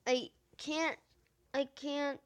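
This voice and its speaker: A woman with a high, squeaky voice reading a fan-fiction story aloud, halting and stumbling with many fillers and restarts. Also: fairly even intonation.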